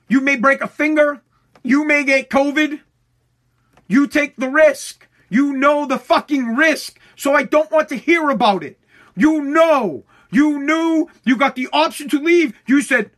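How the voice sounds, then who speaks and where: A man ranting angrily with heavy profanity, mocking others with quick put-on voices. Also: very high-pitched, bright, forceful tone. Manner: heated, profane, mocking impressions. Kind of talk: ranting commentary.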